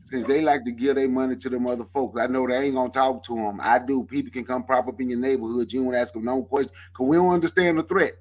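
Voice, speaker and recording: A man's voice: steady tone, fast talker, few pauses. A man from Mississippi, arguing emphatically in a heated radio debate. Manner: emphatic, argumentative, drops into low intent tones.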